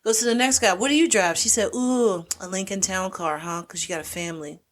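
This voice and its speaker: A woman's voice: medium pitch, a little fast. A woman co-hosting a podcast, chatting casually as she retells a movie's plot and acts out the characters' lines. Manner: animated storyteller, acts out quoted lines. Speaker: podcast co-host. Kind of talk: casual chat recapping a movie.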